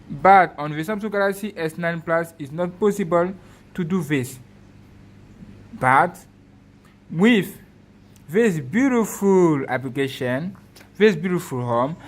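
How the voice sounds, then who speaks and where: Excitable man whooping at a phone demo. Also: sits high. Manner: speaks in short repeated commands. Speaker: tech video host.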